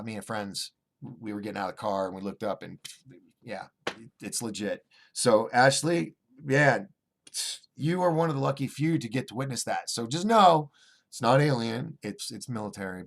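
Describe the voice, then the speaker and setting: A man hosting a casual livestream, reading viewer chat aloud and rambling through restarts and fillers, swinging between excited bursts and low asides. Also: gravelly. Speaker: host of a call-in livestream show.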